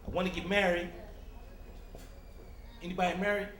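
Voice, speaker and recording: A man doing a stand-up comedy routine on a club stage, teasing the audience and jumping into quick character voices. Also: high voice, little pitch movement, a bit bright. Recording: echoey club with crowd laughter.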